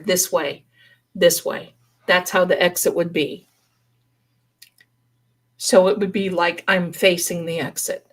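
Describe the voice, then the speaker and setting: A woman's voice: fairly low pitch, slightly rough. Dramatic folksy woman telling a story. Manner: dramatic, folksy, addresses viewers as darlings. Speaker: paranormal storyteller guest. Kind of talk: live-stream storytelling.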